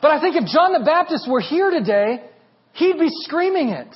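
A man in his thirties preaches with a high, lively voice that climbs toward near shouting when he drives a point home. The recording has a dull, lo-fi sound. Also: normal speed. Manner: animated, rising to near shouting at peaks. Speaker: pastor. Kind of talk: sermon.

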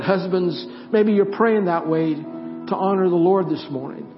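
A man preaching and then praying aloud, earnest, with halting restarts that grow louder as he prays. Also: sits high. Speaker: pastor. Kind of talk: sermon closing into prayer. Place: church sanctuary. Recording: dull lo-fi church recording, faint music.

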